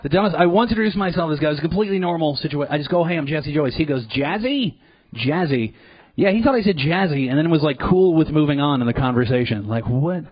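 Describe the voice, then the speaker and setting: A man performing a live stand-up set in a comedy club, animated and profane, jumping now and then into loud put-on voices. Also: on the high side, very fast, few pauses, dry recording. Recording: dull lo-fi live recording.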